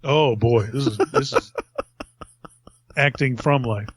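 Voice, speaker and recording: A man's voice: medium pitch, slow pace, no echo. A man telling a long story in casual podcast chat, rambling and self-mocking, laughing often.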